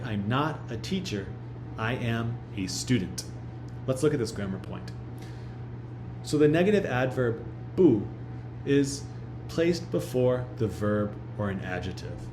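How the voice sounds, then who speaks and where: A man teaching a recorded language lesson, speaking slowly and carefully and repeating each example phrase. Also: medium pitch, reverberant, background noise. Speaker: Chinese language instructor.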